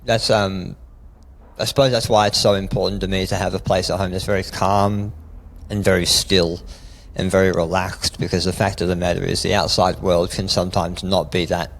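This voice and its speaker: A man with an Australian accent, a fitness expert talking in a relaxed, easygoing way as a podcast guest, often calling the host "mate". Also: low voice, normal speed, vocal fry, rough recording. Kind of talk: casual interview chat.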